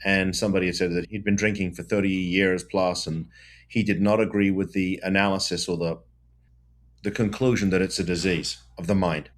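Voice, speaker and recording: A man with a fairly low voice hosts a podcast interview. He is conversational and curious, and he presses his guest with follow-up questions. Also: fairly even intonation, brisk. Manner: inquisitive, conversational, asks probing questions. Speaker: podcast host, lawyer.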